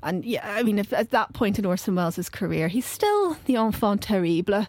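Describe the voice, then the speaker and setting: Brief: female co-host, sharp film opinions, dry studio sound. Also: medium pitch, sing-song, dry recording. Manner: opinionated, quick, wry. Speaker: podcast co-host. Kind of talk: casual film discussion.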